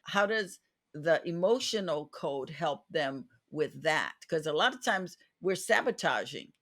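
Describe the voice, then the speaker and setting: A woman's voice: low voice, animated, unhurried, a bit bright. A woman hosting a podcast interview, talking in an earnest, reflective way with frequent restarts. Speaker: podcast host. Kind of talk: casual interview chat.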